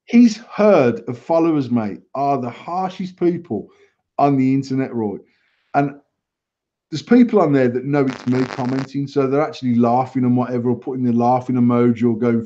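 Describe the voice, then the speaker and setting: A man, co-hosting a casual podcast and swearing freely while telling animated stories about online arguments. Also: medium pitch, lo-fi sound. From England. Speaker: podcast co-host. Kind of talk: casual banter, storytelling.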